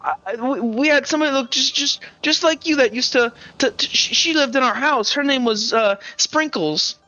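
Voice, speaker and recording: Gm doing a lil kid, stuttery and amazed, super bright and squeaky. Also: moderate pace, dull audio. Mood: eager. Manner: stammering, breathless excitement. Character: awestruck little village girl.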